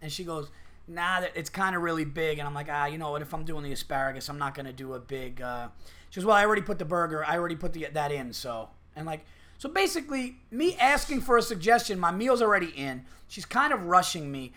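A man's voice: a little high, expressive, fast talker, sharp tone. A man hosting a podcast, telling stories in a rambling, profane way and acting out what people said. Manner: profane, rambling storytelling with acted-out quotes. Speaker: podcast host. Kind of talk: casual podcast chat.

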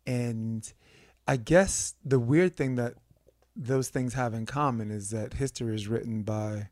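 A man's voice: medium pitch, measured pace, darkish tone, no room sound, studio quality. A man hosting a podcast, musing and rambling in casual conversation, often checking in with "right?". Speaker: podcast host.

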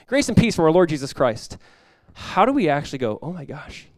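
Fast-talking male pastor, higher voice. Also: sing-song, no echo, studio quality. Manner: conversational, acts out prayers in a hushed voice. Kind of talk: sermon.

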